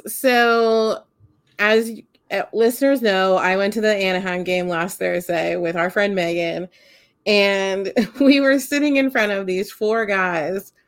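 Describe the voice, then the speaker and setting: A woman co-hosts a casual podcast, and she talks slowly. She tells stories in an unhurried way and laughs now and then. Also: mid-range voice. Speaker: podcast co-host.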